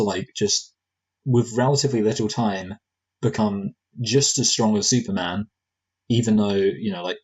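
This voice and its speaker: A man's voice: on the low side, slightly rough, rough recording. A man co-hosting a casual film review podcast, rambling and joking with lots of fillers and restarts. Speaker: movie review podcast co-host.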